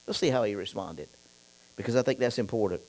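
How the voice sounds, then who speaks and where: A male pastor preaching a sermon, reading scripture and then talking straight to the congregation, dropping low for asides and getting loud and fired up in other stretches. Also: fast talker, rough recording. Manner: reads scripture aloud and talks straight to the congregation.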